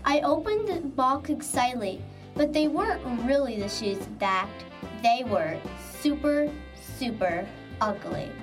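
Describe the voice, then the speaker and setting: High lively woman reading far off over loud music. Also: moderate pace. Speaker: narrator. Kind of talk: reading a personal story aloud. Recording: distant mic under loud music.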